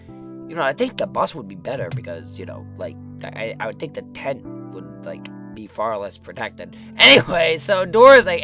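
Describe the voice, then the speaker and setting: A man's voice: fairly high pitch, sing-song, normal speed, sharp tone, faint music behind. Young man rambling about his old cartoon. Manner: rambling, self-correcting, laughs often. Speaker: animation creator. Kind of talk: casual commentary on his old animation.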